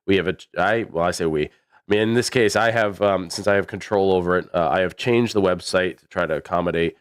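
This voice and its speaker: A man with a baritone voice giving chatty, rambling livestream commentary on a match, with many fillers. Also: fast, clean tone, no echo, studio quality. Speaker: esports commentator.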